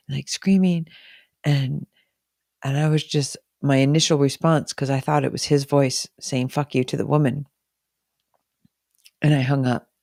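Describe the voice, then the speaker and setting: A woman's voice: low-pitched, gravelly, mellow, no echo, clean studio sound. A woman talking casually and emotionally on a live stream from home, swearing freely and speaking openly.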